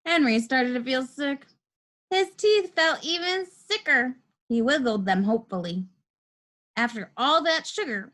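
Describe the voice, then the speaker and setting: A woman reading a children's storybook aloud, with expressive voice changes for the characters. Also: sits high. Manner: lively, expressive reading with quick shifts for characters.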